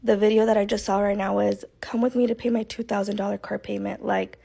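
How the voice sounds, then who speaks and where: A woman's voice: medium pitch, little pitch movement, fast talker, creaky, warm tone, slightly rough. A woman speaking frankly and with exasperation about spending, in an opinionated social media monologue.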